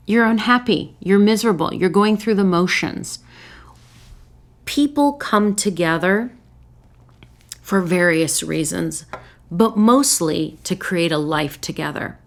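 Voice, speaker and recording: Speaking directly to the camera, a woman hosts a relationship advice talk in short, punchy phrases she repeats. She's lively and now and then slips into excited, high voices to play out happy greetings.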